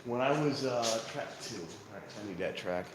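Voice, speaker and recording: A man's voice: on the low side, lively intonation, moderate pace. A man casually telling rambling stories at a train station at night, chuckling often, filming himself on a handheld camera. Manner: chatty, chuckles often between remarks. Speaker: vlogger. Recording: noisy outdoor ambience. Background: outdoor ambience.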